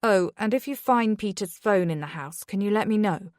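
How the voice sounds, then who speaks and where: A woman's voice: medium pitch, moderate pace, no room sound, studio quality, lightly acted. A woman voicing a guarded husband who speaks in a curt, spiteful way. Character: cold, guarded husband protecting his children.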